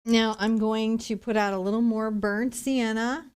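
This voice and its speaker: A woman teaching acrylic painting on a live stream, explaining each step in a chatty, relaxed way. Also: fairly high pitch, measured pace, clear, resonant tone.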